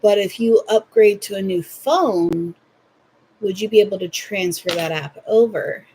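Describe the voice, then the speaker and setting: There's slight background noise as a young Southern woman livestreams, chatting casually and playfully with her audience while crocheting at home. Her mid-range voice is mellow and unhurried.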